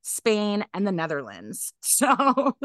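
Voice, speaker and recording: A woman's voice: mid-range voice, huge pitch swings, takes it slowly, fairly bright tone, no echo, clean studio sound. A woman co-hosting a podcast in casual chat, chatty and laughing often, with many fillers. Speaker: podcast co-host. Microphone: podcast mic.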